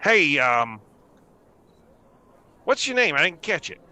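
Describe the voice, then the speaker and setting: A man's voice: on the high side, very animated, slow pace, pushed and bright, clear, resonant tone, voice pushed up, heavily acted. A man voicing a sarcastic male rock gnome lodger with a slangy, brash way of talking. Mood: scoffing.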